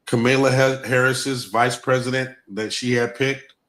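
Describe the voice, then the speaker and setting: A man's voice: mid-range voice, level tone, unhurried, a bit bright. A man hosting a casual live stream, talking to viewers and repeating his main points for emphasis.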